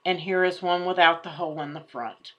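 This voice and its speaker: A woman hosting a crafting tutorial, chatting casually and thinking aloud as she works through design software. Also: on the low side, steady tone, brisk, muffled recording. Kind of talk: screen-share craft tutorial.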